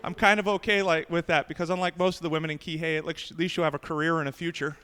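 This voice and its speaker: A man's voice: fairly high pitch, flat delivery, racing, bright, forceful tone, clear, resonant tone, long reverb tail. A man in his thirties doing a stand-up comedy set on a club stage, delivering punchy jokes into a handheld mic. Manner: brash, punchy joke delivery.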